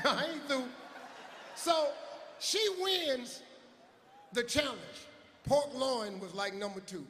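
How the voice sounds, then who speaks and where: A middle-aged man doing stand-up comedy on a live stage, telling stories in a loud, profane way and often shouting. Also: extremely high pitch, slow, long pauses, slight background noise.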